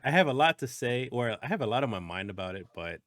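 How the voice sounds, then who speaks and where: Animated man hosting a podcast. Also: mid-range voice, fast talker, no room sound, studio quality. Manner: animated, rambling with restarts. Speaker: podcast host. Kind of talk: casual podcast chat.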